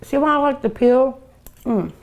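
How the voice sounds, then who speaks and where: With a high, lively voice at normal speed and slight background noise, an older Southern woman from Kentucky hosts a tasting show. The cooking show host and restaurant owner savors every dish, gushing and sighing and humming between bites.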